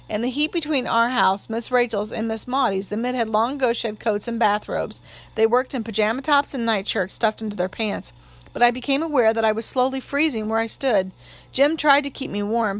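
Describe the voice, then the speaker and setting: A woman narrating an audiobook with measured, steady pacing. Her voice sits a little above the usual for a woman. She tells the story evenly and plainly. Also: on the high side.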